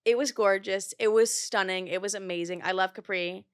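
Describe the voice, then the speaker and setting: Young woman podcast host, mid-pitched, dry close sound; rambling casual chat, heavy on "like". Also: fairly even intonation, moderate pace, smooth, dry recording. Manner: chatty, swears freely, lots of "like".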